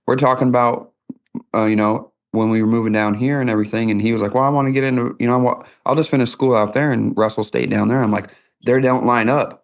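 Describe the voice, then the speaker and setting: A man's voice: mid-range voice, steady tone, quick pace. A middle-aged man, hosting a podcast interview and telling stories in a folksy, conversational way. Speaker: podcast host.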